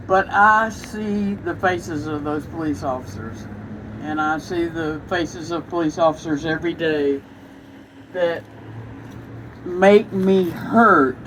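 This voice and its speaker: Man, somewhat high voice, earnest, halting, outdoor vigil, faint street noise. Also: low-quality recording. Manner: earnest, halting, searching for words. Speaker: minister speaking at a vigil. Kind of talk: impromptu remarks to a crowd. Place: outdoor town square.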